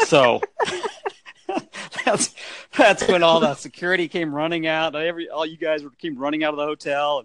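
A man's voice: a little high, very animated, unhurried, pauses often, fairly bright tone, dry recording. A man casually telling rambling stories in a chat, laughing often.

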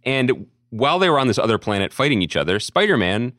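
A male podcast co-host riffs in an animated, wry way, his pitch rising and falling a lot. The sound is dry and close, from a studio microphone. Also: fast talker, no room sound. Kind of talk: casual chat.

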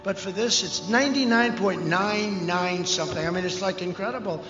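A man delivers a rambling rally speech in a fairly high voice, with mocking asides and the odd shouted line. The sound is dull and lo-fi, with a long reverb over it. Music plays clearly behind him. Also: moderate pace. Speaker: political candidate speaking at a rally. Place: large rally venue.

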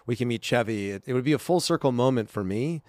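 A man's voice: mid-range voice, lively intonation, fast talker, darkish tone, no echo. Chatty upbeat man co-hosting a podcast. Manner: chatty and upbeat, with frequent fillers. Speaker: podcast co-host. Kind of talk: casual chat.

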